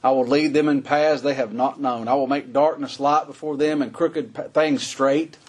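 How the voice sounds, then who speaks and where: Husky folksy preacher man. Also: fairly even intonation, normal speed. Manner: folksy, laughs between points, rises high for emphasis. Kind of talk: sermon.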